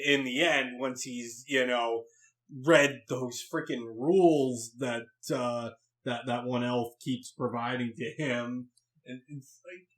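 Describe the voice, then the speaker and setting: A man co-hosting a casual movie review podcast, speaking hesitantly with many ums and uhs. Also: mid-range voice. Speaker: podcast co-host.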